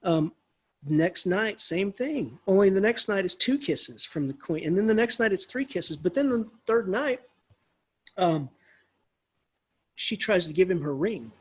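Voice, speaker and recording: A man, an English professor, retelling a story in a casual, animated lecture. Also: high voice, a little slow, husky.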